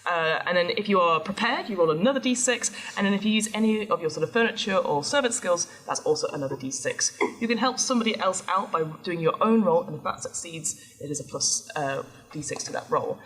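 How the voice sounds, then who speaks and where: Woman game master, lowish voice, chatty rule explainer. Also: lively intonation, brisk, hardly any pauses, fairly bright tone. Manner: chatty, laughing, explains rules step by step. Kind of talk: explaining rules to players at a live game show.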